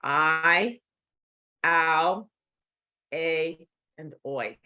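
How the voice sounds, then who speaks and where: A woman's voice: low-pitched, bright, forceful tone, clean tone. A middle-aged woman teaching cued speech, speaking patiently and checking in with the learner often. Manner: slow, patient, checks in with "okay?". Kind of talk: instructional demonstration.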